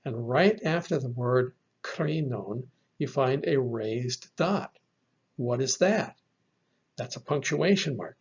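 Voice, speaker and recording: A man walks through a slide lesson at an unhurried pace, patient and a little halting with his fillers. His voice is gravelly and husky. The recording sounds dull and lo-fi. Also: mid-range voice, animated. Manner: slow, patient explaining with fillers. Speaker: Bible language teacher. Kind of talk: slide lecture.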